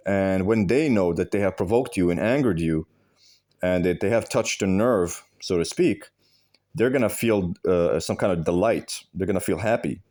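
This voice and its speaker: His voice sits low and darkish at a moderate pace as he hosts a video giving advice. The monologue is direct, blunt and emphatic, with free swearing and phrases repeated for stress.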